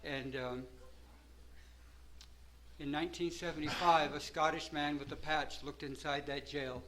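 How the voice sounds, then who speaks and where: An older man from Southern California telling his personal recovery story at a meeting, rambling at first, then growing animated and laughing. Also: a little high, measured pace, noisy background.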